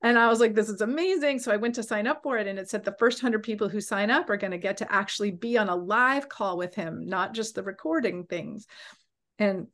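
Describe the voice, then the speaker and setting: Woman telling a story with animated voices. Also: medium pitch, brisk. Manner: animated, acts out quoted voices. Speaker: coach and podcast host. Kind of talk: personal storytelling.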